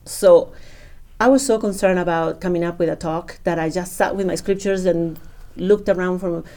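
A woman's voice: lowish voice, normal speed. A woman telling a personal conversion story with feeling, acting out the voices of the people in it. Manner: emotional, animated, acts out dialogue.

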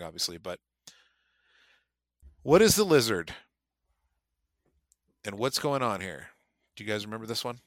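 A man co-hosting a podcast, reading a passage aloud and discussing it in an animated way. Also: mid-range voice, dry recording, studio quality. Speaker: podcast co-host.

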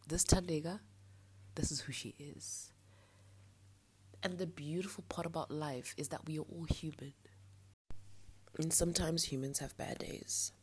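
A woman's voice: low voice, unhurried, pauses often, breathy edge. A young woman hosting her own podcast, talking candidly and a little frustrated late at night, with a blocked nostril. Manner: candid, frustrated, ranting with soft laughs. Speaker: podcast host. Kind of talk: late-night personal monologue.

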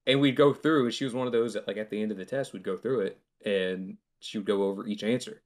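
A man's voice: fairly low pitch, fast talker. A young man hosting a podcast, telling a long, rambling story with casual swearing and acted-out quotes. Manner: rambling storytelling with profanity and laughter; acts out quoted voices. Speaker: podcast host. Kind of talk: casual chat.

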